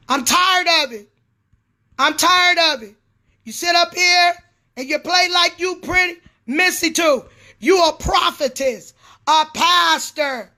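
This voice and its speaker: A middle-aged woman, a prophetess and pastor, ranting angrily on a livestream, swearing and repeating herself. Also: very high voice. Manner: furious, repetitive, swearing, sometimes shouting. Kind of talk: angry livestream rant.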